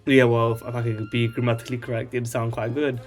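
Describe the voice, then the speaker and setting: A man's voice: medium pitch, level tone, fast talker, soft background music. Male tutorial host, casual and rambling, checks in with "alright?" constantly. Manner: rambling, tags lines with "alright?". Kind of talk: casual screen-share tutorial.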